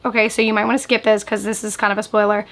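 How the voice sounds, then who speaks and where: A woman book vlogger in casual reaction chat, animated and chatty, sprinkling "like" through her talk. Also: mid-range voice, very fast. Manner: chatty, animated, frequent "like" fillers.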